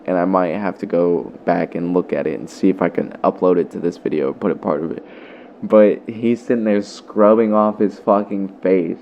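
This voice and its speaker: A man's voice: low-pitched, moderate pace, a little mellow, lo-fi sound, a little hiss or hum. A young man vlogger telling a story in a loose, profane way, full of fillers. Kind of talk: casual storytelling.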